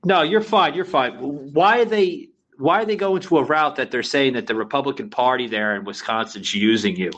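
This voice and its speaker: A man's voice: mid-range voice, normal speed, hardly any pauses, a bit bright, rough recording. A man from Florida co-hosting a political podcast, talking frankly in a loose conversational way with lots of fillers. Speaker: podcast co-host. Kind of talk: casual political podcast chat.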